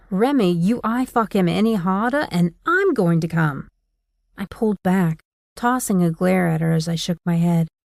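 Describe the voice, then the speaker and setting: A woman narrating a first-person paranormal romance audiobook in a wry, steady storytelling manner. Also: on the low side, creaky, no echo, studio quality.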